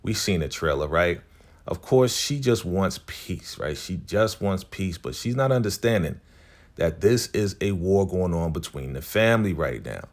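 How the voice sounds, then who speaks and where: A man's voice: sits low, animated, a little slow. A man hosting a casual recap of a TV episode, retelling the scenes in laid-back slang and briefly acting out what the characters say. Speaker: TV show recap host.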